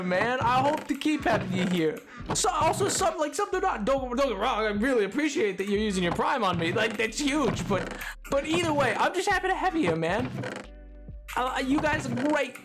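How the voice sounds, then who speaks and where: A streamer in casual gaming livestream chat, playful and excitable, joking and reading out chat messages. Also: sits high, fairly quick, over music.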